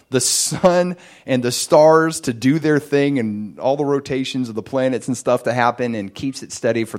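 A man preaching a sermon, telling his own testimony in a lively storytelling way. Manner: animated storytelling, jumps much higher and louder in excited moments.

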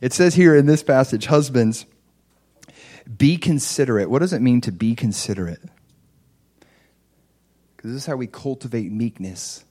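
A man's voice: normal speed, pauses often. A middle-aged man pastor giving a sermon in an easy, conversational manner, telling a personal story and lifting his voice for emphasis. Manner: rises in pitch and loudness for emphasis.

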